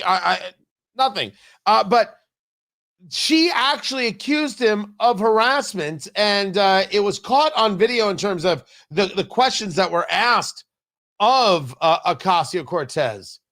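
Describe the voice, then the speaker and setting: Male radio host with a high, lively voice and a sarcastic, animated delivery in the studio. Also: a little slow. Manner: sarcastic, animated, mocking asides. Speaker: radio talk show host. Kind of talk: opinionated talk radio monologue.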